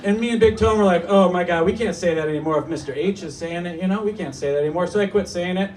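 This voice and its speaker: High-voiced man doing stand-up. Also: quick pace, a faint crowd. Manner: animated, mock-serious storytelling with put-on voices. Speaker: stand-up comedian. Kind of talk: stand-up comedy set. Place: small cafe stage. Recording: distant mic with noisy room. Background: audience laughter.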